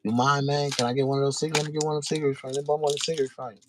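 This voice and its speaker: A man's voice: flat delivery, noisy background, close to an everyday voice. A man doing a brash young street hustler. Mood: wheedling. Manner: raised pitch, quick and cocky.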